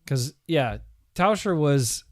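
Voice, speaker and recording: A man's voice: fairly high pitch, animated, takes it slowly, no echo, clean studio sound. A man co-hosting a casual sports talk show, joking, swearing now and then and reading out viewer comments. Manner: joking, swears freely, reads out chat comments.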